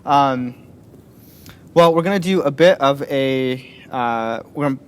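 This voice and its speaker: A man's voice: medium pitch, unhurried, clear, resonant tone. A man hosting a casual chat with a guest, teasing her playfully. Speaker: host, youth pastor.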